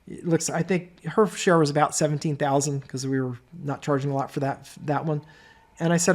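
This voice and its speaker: A man's voice: fairly high pitch, fairly even intonation, a little fast. A man giving an informal course presentation, telling stories in a conversational way. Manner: conversational storytelling. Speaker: business course instructor.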